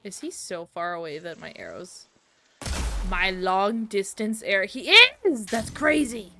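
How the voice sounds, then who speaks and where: A woman's voice: medium pitch, unhurried, a bit bright, a little hiss or hum. A woman streaming as a VTuber, chatting casually and playfully while she plays, rambling from topic to topic and talking back to the game. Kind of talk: casual live-stream chat while gaming.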